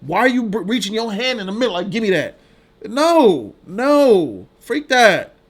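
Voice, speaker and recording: A man's voice: high voice, big pitch swings, a little slow, husky. A man hosting a live stream, chatting casually with viewers in loose slang and laughing often. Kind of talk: casual live-stream chat reading donations.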